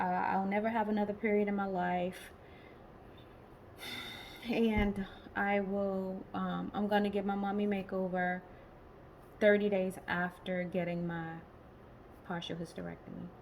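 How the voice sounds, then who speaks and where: A woman in her late forties talking in a personal vlog, tired and emotional, rambling and halting with many pauses and restarts. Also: medium pitch, level tone, a little mellow, slight background noise, rough recording. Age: late 40s. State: tired and emotional, has been crying. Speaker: vlogger.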